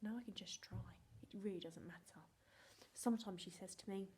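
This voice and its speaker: A woman's voice: mid-range voice, fast talker, a little mellow, roomy sound. A young woman teaching phonics to young children, playful and encouraging, often dropping into whispers. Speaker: reception class teacher.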